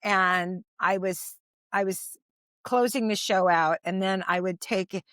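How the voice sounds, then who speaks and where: Older woman, lively anecdotal comedian. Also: medium pitch, slow pace, no echo, studio quality. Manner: animated, laughing, self-deprecating anecdotes. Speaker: comedian guest. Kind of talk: conversational storytelling.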